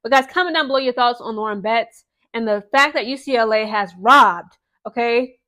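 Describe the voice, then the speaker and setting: Speaking at a normal pace, a young woman with a slightly high voice chats through some sports for her followers. She's animated and talkative, constantly checking in with her audience and sprinkling in "okay?" and "guys" along the way.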